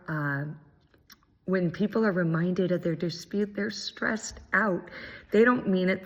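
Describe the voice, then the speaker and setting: A woman mediator giving an earnest, encouraging training talk, with frequent ums. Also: on the low side. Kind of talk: prerecorded presentation. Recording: dull, lo-fi audio with long reverb.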